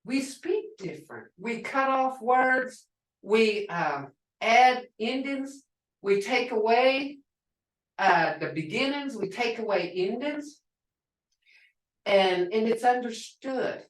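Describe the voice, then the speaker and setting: Slow, halting woman teaching online. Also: on the high side, expressive, far from the mic. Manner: slow, halting, explains with examples. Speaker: language instructor. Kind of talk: online language class. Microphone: video call. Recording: echoey room, away from mic.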